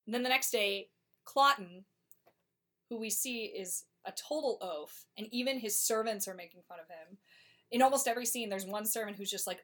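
A woman's voice: mid-range voice, a bit bright. Chatty woman podcast host. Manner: chatty, slangy, quick asides. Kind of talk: casual comic plot summary.

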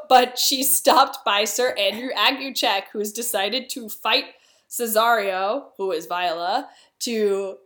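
A woman's voice: a little high, fairly bright tone. Chatty young woman retelling a play. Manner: chatty, slangy, acts out characters' lines. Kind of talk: casual plot retelling with quoted voices.

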